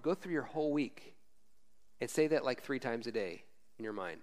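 A man's voice: medium pitch, lively intonation, moderate pace. A man preaching a casual, conversational sermon as a former missionary, frank and informal, often tagging lines with "right?".

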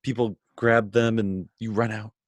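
A man's voice: on the low side, flat delivery, a little slow, no echo. A man co-hosting a podcast, chatting playfully about a TV episode with jokey asides. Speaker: podcast co-host. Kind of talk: casual chat recapping a TV episode.

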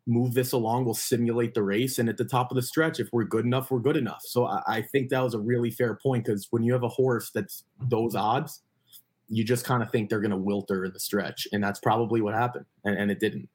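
Husky-voiced man musing. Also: mid-range voice, fairly even intonation, darkish tone. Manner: thoughtful, halting restarts. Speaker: podcast co-host. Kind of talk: casual analysis chat.

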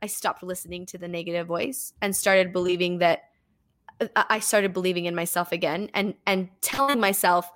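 A woman's voice: lowish voice, steady tone, brisk, a bit bright. A woman in her thirties, a singer and voice teacher, telling a story in a casual podcast chat and acting out what others said to her in shifting voices.

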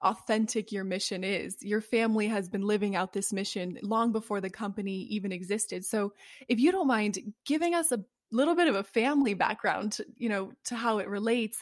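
A woman's voice: mid-range voice, no echo. Woman podcast host, effusive and upbeat, dry close recording. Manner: effusive, enthusiastic reactions. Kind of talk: interview hosting.

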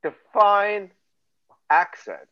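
A man's voice: high voice, sing-song, drawn-out words, smooth, dull audio. A man in casual chat among friends, argumentative and cheeky, swearing freely.

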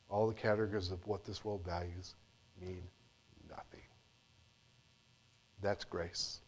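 Pastor telling a story with dramatic hushes. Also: male voice, mid-range voice. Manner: dramatic reading, dropping to near-whispers. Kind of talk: sermon storytelling.

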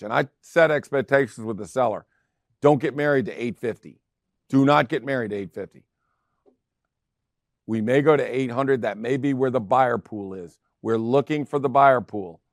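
Speaking at a medium pitch, a middle-aged man hosts a real estate program, keeping it casual and stressing his points with emphatic repetition. The studio-quality recording has no echo.

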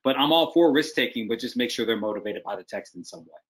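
A man's voice: medium pitch, lively intonation, fast. A man working as a casting director, giving direct, emphatic advice in a video-call interview.

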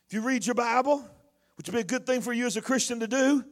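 High-voiced preacher shouting his sermon. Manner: preaching with shouted, sing-song swells and quick asides.

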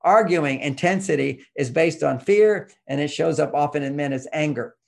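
An older man talks through relationship advice in an emphatic, lecturing way. His voice sits a little high and carries a gravelly, creaky edge. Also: normal speed, a little mellow. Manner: explanatory, emphatic, lectures with acted-out quotes. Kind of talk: conversational advice talk.

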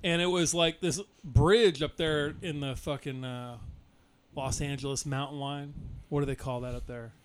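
A man's voice: fairly high pitch, steady tone, moderate pace, a little hiss or hum. A man in his forties telling profane stories in casual chat, laughing as he talks.

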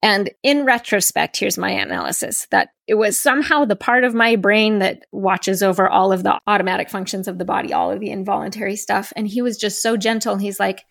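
A woman's voice: mid-range voice, steady tone, fairly quick, creaky, few pauses, fairly bright tone, no echo, clean studio sound. A woman podcast host, recounting a personal experience in a reflective, storytelling way and voicing her own thoughts as quotes.

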